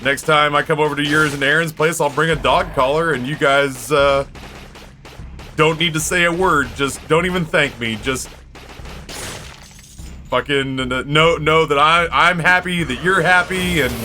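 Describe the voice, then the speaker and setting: A man's voice: a little high, fairly even intonation, moderate pace, sharp tone, a little hiss or hum. A man streaming a game and chatting casually, rambling and cracking crude jokes with his viewers. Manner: rambling, joking, crude banter with chat. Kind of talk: casual live-stream chat while gaming.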